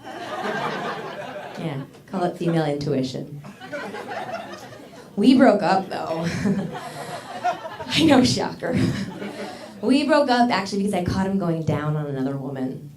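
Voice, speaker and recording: A young woman doing stand-up comedy on a club stage. She tells candid, self-mocking stories and laughs through her own punchlines. Her voice rings in a roomy club, with an audience clearly heard behind her. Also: fairly low pitch, sing-song, takes it slowly, pauses often, crowd noise.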